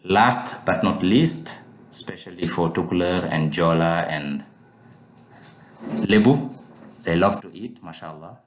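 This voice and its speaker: Slow, deep-voiced man teaching a language. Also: echoey room. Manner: slow, patient, repeats words for learners. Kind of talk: language lesson.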